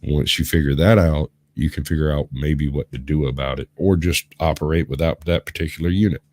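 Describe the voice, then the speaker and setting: A sick man with a hoarse, gravelly voice, rambling and explaining in a casual chat as host of a live stream. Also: extremely low pitch, steady tone, brisk, a little mellow, dry recording. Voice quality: rough, gravelly. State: hoarse from illness.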